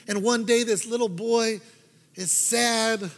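A preacher telling a parable to his congregation, his voice high for a man. He swings from loud to hushed, and every line rolls through a long hall reverb. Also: steady tone, takes it slowly. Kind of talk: storytelling sermon.

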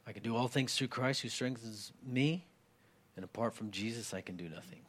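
A man preaching a sermon in a conversational way, with many fillers, growing more forceful when he reads scripture aloud. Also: medium pitch, normal speed. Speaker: pastor.

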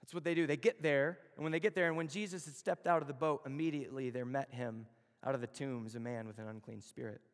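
Give me a man preaching in a reverberant hall, with a gravelly voice and a conversational, storytelling style. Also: medium pitch, steady tone. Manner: storytelling, conversational, with slow emphatic phrases. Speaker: campus chapel speaker. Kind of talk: sermon.

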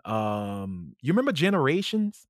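A podcast host chatting casually, an animated storyteller who acts out quotes and laughs often. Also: mid-range voice, moderate pace, no room sound, clean studio sound. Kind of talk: casual chat.

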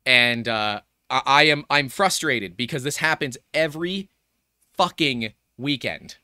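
A man's voice: medium pitch, bright, forceful tone, no echo, studio quality. Tense, upset male live streamer. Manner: halting, stammering restarts and heavy sighs. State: upset and anxious. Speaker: live streamer and show host. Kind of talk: live-streamed tech talk.

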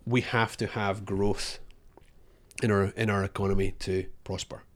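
A man's voice: on the low side, flat delivery, unhurried. A man co-hosting a podcast, talking casually with many restarts and fillers. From Australia. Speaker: podcast co-host.

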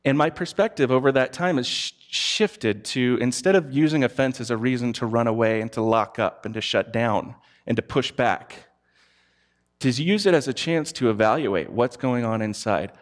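A man's voice: mid-range voice, moderate pace. Guy preaching casually, telling his own stories, pretty candid. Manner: personal storytelling, candid. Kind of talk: conversational sermon.

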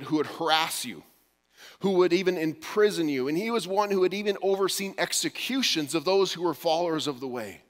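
A pastor preaching a storytelling sermon, often dropping to a hushed voice for quoted words. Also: male voice, a little high, long reverb tail.

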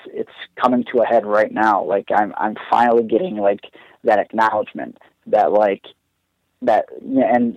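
A young man with a lowish voice tells a heartfelt story at length, circling back on himself with lots of "like" and "you know." The sound is dull and lo-fi, with a dry, close quality and no room around it. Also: a little mellow, no echo. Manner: earnest, rambling, heavy use of "like". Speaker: guest wrestler. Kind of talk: casual storytelling.

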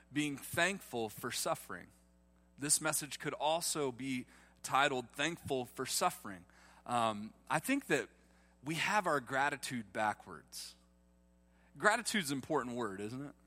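A man's voice: medium pitch, animated, a little slow, pauses often, sharp tone. A man, preaching a sermon in a livestreamed church and joking with the congregation. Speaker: pastor.

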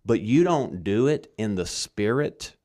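A man's voice: on the low side, animated, unhurried, darkish tone. A man from Arkansas giving earnest, emphatic Christian teaching in conversation, often checking in with "okay?".

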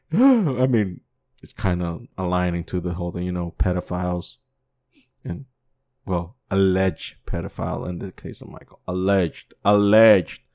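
A man hosts a podcast in loose, profane commentary, his pitch leaping around animatedly. He drops into low mutters, then bursts out in loud, incredulous repeated lines, swearing in nearly every sentence. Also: lively intonation, measured pace, vocal fry. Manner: swears constantly, repeats himself. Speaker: podcast host.

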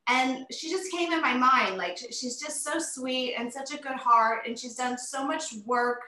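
Bright, high-voiced woman in an echoey room. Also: a little slow. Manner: animated, emotional storytelling with many fillers. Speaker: interview guest, retired wrestler. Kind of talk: casual interview chat.

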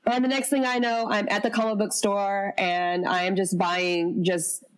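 A woman's voice: medium pitch, normal speed, smooth. A woman from the Southern United States, a podcast guest, telling stories in casual chat and laughing often. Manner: laughs often, animated storytelling.

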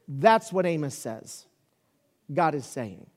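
A male pastor with a high-pitched voice delivers a sermon in a loose, conversational way. He talks to the crowd directly and climbs into loud, fiery shouts. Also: measured pace. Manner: animated, conversational preaching with rising shouts.

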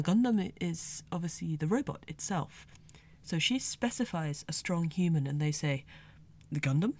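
A woman with a low voice gives a casual spoken review. She sounds chatty and analytical and pauses to unpack the meaning of foreign words. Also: a little mellow. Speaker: anime reviewer.

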